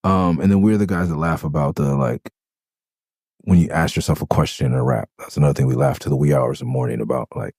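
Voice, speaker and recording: A man's voice: quick pace, vocal fry, a little mellow, slightly rough, no room sound, clean studio sound. A middle-aged man, breaking down his own rap song in a rambling, casual way, laughing and slipping into funny character voices. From Los Angeles. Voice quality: calls his own voice high pitched. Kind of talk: casual storytelling commentary.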